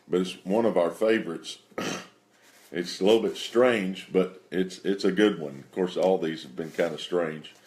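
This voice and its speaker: Deep-voiced man, folksy faith storyteller, relaxed, easygoing delivery. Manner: folksy, relaxed, many fillers and restarts. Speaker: host telling testimony stories.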